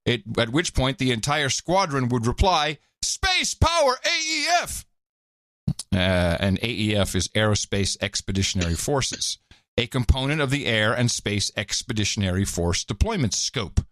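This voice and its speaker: A man hosting a podcast, chatting casually and reading listener notes aloud in an animated way. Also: medium pitch, moderate pace, dry recording, clean studio sound. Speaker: podcast host. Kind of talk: casual chat.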